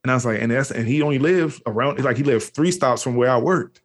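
A man's voice: mid-range voice, fast talker. A man from the Washington, D.C. area, speaking candidly and slangily as an interview guest, with frequent restarts. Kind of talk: candid personal storytelling.

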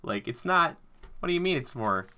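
A man chatting casually, animated and enthusiastic, acting out lines with laughs. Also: on the high side, normal speed. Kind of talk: casual chat.

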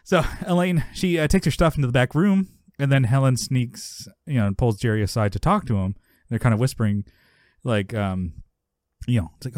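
Animated man recapping a sitcom, laughing. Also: moderate pace, no room sound, studio quality. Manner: animated, laughs often, acts out characters in a high yelling voice. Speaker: podcast co-host. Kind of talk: casual chat recapping a sitcom episode.

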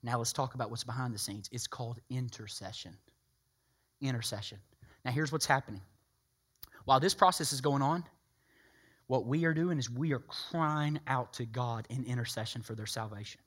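A man preaching a sermon, emphatic and animated, acting out people's voices. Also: mid-range voice, normal speed.

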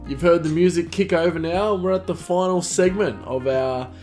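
A man's voice: a little high, normal speed, darkish tone, faint music behind. Rambling man telling a story. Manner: rambling, full of fillers and restarts. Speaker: podcast host. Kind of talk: casual storytelling.

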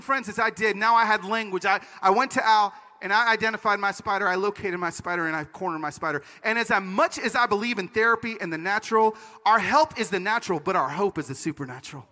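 High bright animated male speaker on stage. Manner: animated, comic, acts out voices. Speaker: conference speaker. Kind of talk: storytelling conference talk. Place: conference stage. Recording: large hall reverb.

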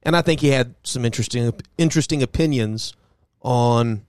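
A man's voice: mid-range voice, a little fast, darkish tone, no echo. A man co-hosting a casual sports podcast, talking loosely with restarts and casual swearing. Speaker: podcast co-host.

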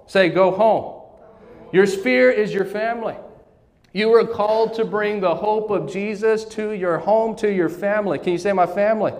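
A man's voice: high voice, normal speed, a little mellow. A man preaching a sermon as pastor, calling on the congregation to repeat phrases back to him. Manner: call-and-response preaching, asks congregation to repeat. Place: church sanctuary. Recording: church hall reverb.

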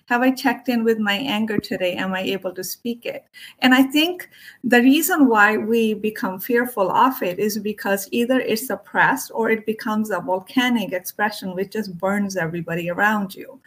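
A woman who is an Ayurvedic doctor and yoga teacher, chatting casually about emotions and acting out quoted voices. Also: on the high side. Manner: animated, acts out quoted voices. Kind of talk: casual spiritual conversation.

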